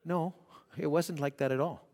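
A man preaching a sermon, swinging from loud exhortation to hushed, acted-out quotes. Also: a little high, steady tone, normal speed. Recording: long hall reverb.

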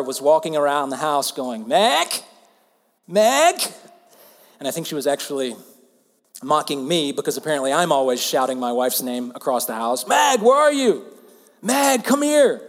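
A man in his thirties from Alabama with a Southern US accent, preaching a sermon earnestly and dropping to hushed softness for emphasis. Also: a little high, big-room sound. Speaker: pastor.

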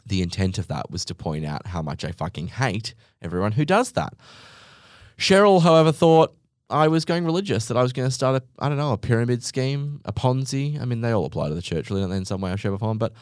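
Man, podcast host, sarcastic ranting, animated delivery, dry close sound. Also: medium pitch, fast, no echo. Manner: sarcastic, profane and exaggerating. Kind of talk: comedic monologue rant.

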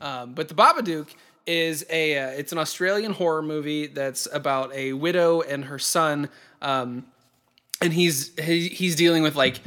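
Laughing podcast co-host, man. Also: a little high. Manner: laughs often, relaxed and joking. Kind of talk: casual podcast chat.

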